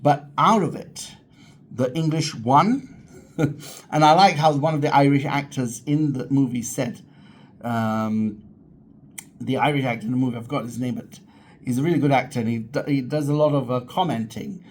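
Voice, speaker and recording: A man of ordinary pitch chats to camera about history, getting excited and rambling as he restarts his sentences. A faint hum of ambient noise sits behind his voice. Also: normal speed. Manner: rambling, enthusiastic, frequent restarts. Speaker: channel host, history enthusiast. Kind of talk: casual talk to camera.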